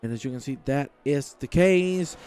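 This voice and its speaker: A man's voice: medium pitch, normal speed, darkish tone, clean tone, poor audio. A man calling the action in sim racing broadcast commentary, hyping results and addressing the audience. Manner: hype play-by-play, addresses the audience. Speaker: race commentator.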